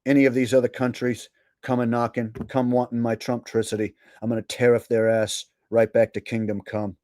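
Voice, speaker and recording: A man's voice: medium pitch, little pitch movement, a little fast, darkish tone, dry recording, clean studio sound, natural voice. A man doing an impression of a boastful older politician, repeating grand promises in bragging salesman patter.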